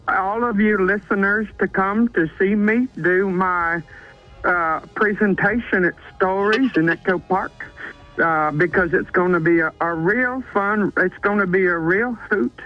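A male radio caller doing an impression of a folksy, self-promoting author, with a slow and rambling delivery full of fillers. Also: sits high, faint music behind. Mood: cheery. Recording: muffled phone-in on radio.

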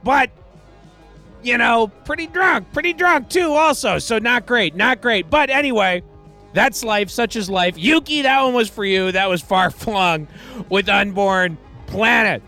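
A radio DJ man with a high, bright, sharp voice, talking into a studio mic with faint music playing underneath. He rambles wryly between song credits, tossing off deadpan asides and restarting his sentences as he goes. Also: unhurried. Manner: wry, digressive, self-deprecating, with restarts and deadpan asides. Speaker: radio DJ and host. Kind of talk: rambling casual radio DJ patter.

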